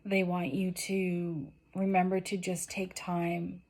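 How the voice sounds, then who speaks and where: A tarot reader offers her viewers a general reading, earnest, encouraging and emotional, growing tearful as her voice gives out. She speaks slowly in a fairly low, slightly mellow voice with little pitch movement.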